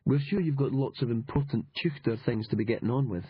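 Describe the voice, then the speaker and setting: A man's voice: mid-range voice, fast, breathy edge, no room sound, highs cut off. A man voicing a patronising, condescending official investigator.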